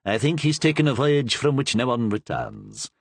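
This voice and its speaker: A man's voice: medium pitch, huge pitch swings, moderate pace, creaky, breathy edge, no echo, full character voice. A man voicing a sly, deferential male Capuchin friar in a storybook reading, talking eagerly.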